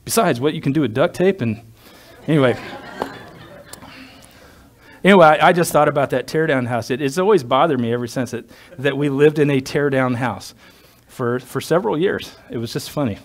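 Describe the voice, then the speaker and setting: A man preaching a sermon as a pastor, at an ordinary middle pitch. He talks in a loose, conversational way, drifting into side stories and throwing in jokes for the congregation. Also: normal speed, pauses often. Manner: conversational, digressive, joking asides.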